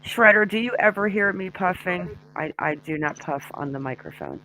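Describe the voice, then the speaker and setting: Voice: mid-range voice, expressive, normal speed, bright, forceful tone, a little hiss or hum. A live-stream host chatting casually and jokingly with viewers from a home den. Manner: joking, chatty, addresses chat directly.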